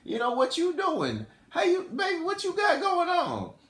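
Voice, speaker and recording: A man acting out a flirty, smooth-talking male rapper who coaxes in casual street slang. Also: very high voice, huge pitch swings, normal speed, fairly bright tone, roomy sound, pitched above the performer's own voice, exaggerated voice. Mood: coaxing.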